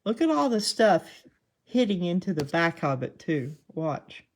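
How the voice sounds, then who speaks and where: A woman's voice: on the low side, very animated, unhurried. A woman from the Southern United States with a twangy accent, hosting casual live commentary. She chats along, laughs often and pokes fun at herself. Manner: chatty, laughs often, self-deprecating. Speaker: host.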